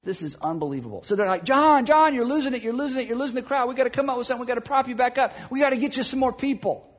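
A man preaching a sermon, telling a story with animated delivery and acting out the quoted voices, played as a clip. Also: very high-pitched, very fast, big-room sound.

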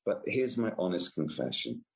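A man, an author answering interview questions in a gentle, unhurried way with frequent restarts. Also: deep voice, sing-song, vocal fry. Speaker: author and guest.

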